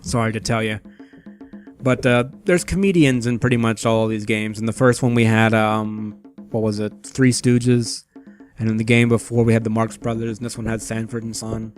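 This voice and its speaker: A man commentating a game, with sarcastic, low-key asides. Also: fairly even intonation, normal speed, faint music behind. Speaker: let's play host.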